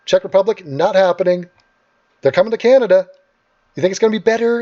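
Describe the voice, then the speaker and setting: An angry man rants over clips, his voice pitched a little high and full of sarcasm and swearing. The recording is dull and lo-fi, as if from a cheap mic. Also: fast, a little mellow. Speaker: host. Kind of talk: ranting commentary over video clips.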